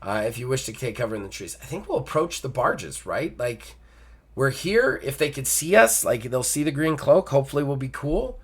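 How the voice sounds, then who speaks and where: A man's voice: mid-range voice, expressive, normal speed, husky. A man hosting a solo gamebook play-through, reading the passages aloud and breaking off for casual joking asides. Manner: reads text then jokes in casual asides. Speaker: host.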